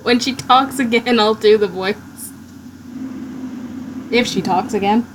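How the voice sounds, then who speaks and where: A woman's voice: fairly high pitch, unhurried, noisy background. A woman co-hosting a podcast in casual comedic chat, giggly and a little hesitant. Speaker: podcast co-host.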